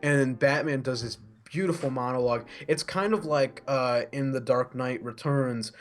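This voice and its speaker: A man's voice: mid-range voice, moderate pace, soft background music. Rambling man recapping a movie. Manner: rambling, many fillers and restarts. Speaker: co-host. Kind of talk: casual movie review chat.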